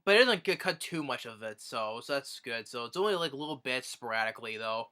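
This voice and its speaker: A man's voice: mid-range voice, animated, fast talker, bright, forceful tone, smooth. A man casually retelling a movie's plot as a reviewer, rambling with many restarts. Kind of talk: casual film review recap.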